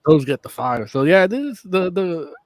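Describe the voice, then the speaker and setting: A man co-hosting a casual podcast, talking in halting starts and swearing casually. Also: a little high, big pitch swings. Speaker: podcast co-host. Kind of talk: casual chat.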